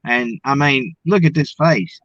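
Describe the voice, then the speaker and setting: A man's voice: medium pitch, a little slow, a bit bright, no echo, dull audio. A man from Arkansas with a Southern accent, a guest talking in a folksy, earnest way. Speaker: guest, coach. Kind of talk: casual interview talk.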